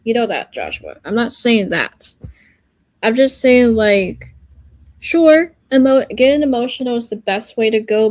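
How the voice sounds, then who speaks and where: A woman's voice: fairly high pitch, a little mellow, dry recording. A woman on a casual livestream giving an earnest, reassuring pep talk, rambling and searching for her words as she goes.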